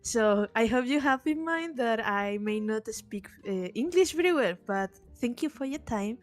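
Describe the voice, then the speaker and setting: A woman's voice: fairly high pitch, lively intonation, normal speed, soft background music. A woman living in Sweden, an English speaker, introducing herself hesitantly and politely. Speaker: animator and player.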